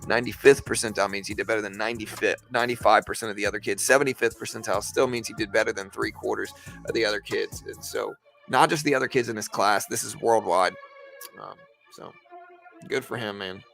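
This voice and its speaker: A man with a gravelly, fry-edged voice chats loosely to his live-stream audience from home. He rambles, circles back and drops easygoing fillers as he goes. Faint music plays underneath. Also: on the low side, fairly even intonation, fast talker, a bit bright. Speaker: trading live-stream host. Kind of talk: casual live-stream chat.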